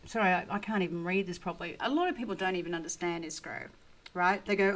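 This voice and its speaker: A woman's voice: lowish voice, quick pace, a bit bright, low-quality recording. An older woman hosting a casual crypto livestream, blunt and chatty, full of "you know" and "right?", sounding tired. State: tired and thirsty, drinking beer. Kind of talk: casual livestream chat reading viewer questions.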